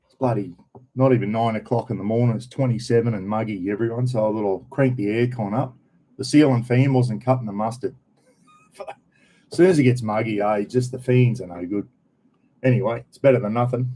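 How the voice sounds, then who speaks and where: A man's voice: fairly low pitch, brisk, warm tone. A man with a North Queensland Australian accent, chatting casually and rambling to viewers on a live stream from home, full of broad slang. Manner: laid-back, rambling, broad colloquial slang. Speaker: vlogger. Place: home, indoors.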